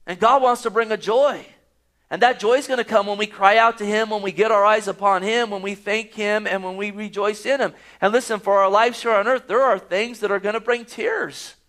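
Man, pastor, sermon, high voice, emphatic preaching. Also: steady tone, fairly quick, fairly bright tone. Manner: preaching with rising emphasis and scripture readings.

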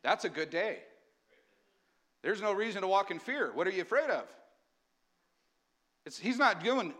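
A male pastor delivering a sermon in a high, bright voice. He preaches with energy and keeps asking the congregation questions. His tone stays lively and forceful throughout. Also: normal speed, long pauses.

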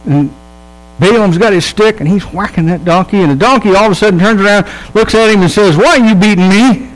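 A pastor giving a sermon in a relaxed, humorous storytelling manner, checking in with his listeners and acting out the people in the story. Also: high voice, a little fast, poor audio. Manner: casual, humorous storytelling with quoted voices; conversational, checks in with the audience.

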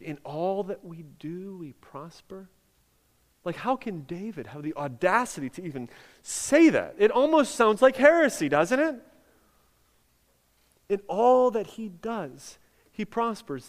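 A man preaching a sermon as pastor, talking conversationally with lots of "like" and building to emphatic peaks. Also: sits high. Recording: long hall reverb.

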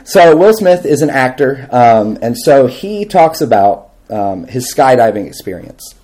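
A man giving a sermon to a live audience, telling stories with animated energy, laughing and asking the room questions. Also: medium pitch, measured pace. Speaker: preacher.

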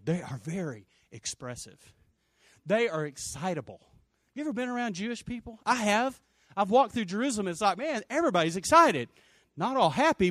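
A man preaching a lively, humorous sermon, talking conversationally with his congregation and acting out scenes in put-on voices. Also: high voice, no echo.

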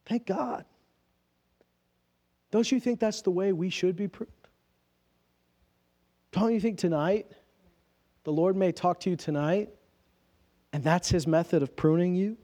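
Male pastor with a high voice, informal sermon delivery, asks rhetorical questions and acts out quoted lines. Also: measured pace, long pauses, warm tone.

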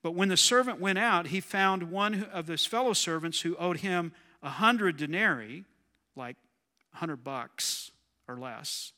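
A man delivers a sermon in a slightly high, forceful and bright voice. He talks conversationally and keeps asking the congregation questions. His voice rings with a long hall reverb. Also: expressive, unhurried. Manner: conversational, asks the audience questions. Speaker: preacher.

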